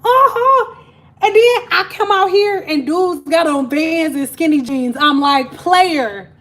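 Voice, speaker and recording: A woman with a Detroit accent telling a story to her live-stream viewers in a casual, animated way, laughing often and acting out the voices of people she quotes. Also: very high-pitched, takes it slowly.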